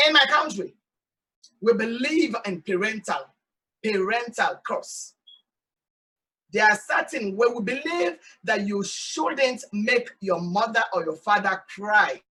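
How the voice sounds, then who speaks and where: A woman from Sierra Leone with a Sierra Leonean accent, hosting an animated, emphatic talk monologue outdoors. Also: mid-range voice, takes it slowly, distant mic, poor audio. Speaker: host. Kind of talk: casual talk show monologue. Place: outdoors in hot sun.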